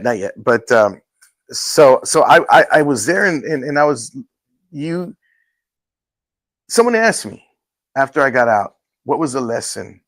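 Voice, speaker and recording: Fields: Sex: man. Role: talk show host. Style: casual testimony chat. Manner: earnest, halting, acts out quotes. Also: medium pitch, fairly bright tone, no room sound, low-quality recording. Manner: earnest, halting storytelling with restarts.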